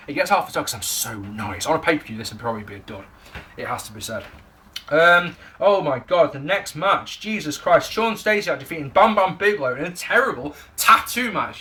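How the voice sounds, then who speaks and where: A man's voice: a little high, lively intonation, a little fast, sharp tone. A young man giving a casual, jokey, sweary spoken wrestling review to camera.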